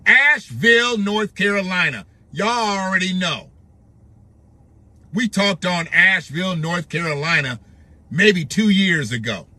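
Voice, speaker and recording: A man's voice: high-pitched, animated, measured pace, long pauses, sharp tone, dry recording. A man commenting on news clips in a blunt, sarcastic way, mocking what he hears with repeated questions.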